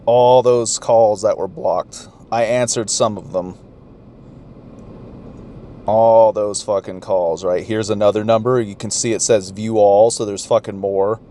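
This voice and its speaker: A man's voice: mid-range voice, darkish tone. A man vlogger telling a story in a profane, rambling rant. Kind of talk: ranting recount.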